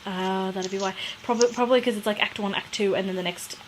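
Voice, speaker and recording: A woman's voice: mid-range voice, fairly even intonation, fairly quick, a little hiss or hum, low-quality recording. A woman co-hosting a podcast in casual chat, unsure of her facts and correcting herself as she goes. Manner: chatty, unsure, self-correcting. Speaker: podcast co-host.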